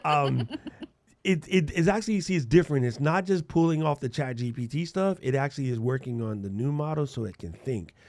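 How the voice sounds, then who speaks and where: A middle-aged man co-hosting a podcast in casual chat, animated and playful, full of slang and mouth-made sound effects. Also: medium pitch, fairly quick, dry recording. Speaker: podcast co-host.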